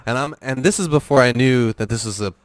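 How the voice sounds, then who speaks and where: Against crowd noise, a young male podcast guest talks quickly in a medium-pitched voice. It's a casual interview where he meanders through gaming anecdotes, often restarting and using lots of fillers.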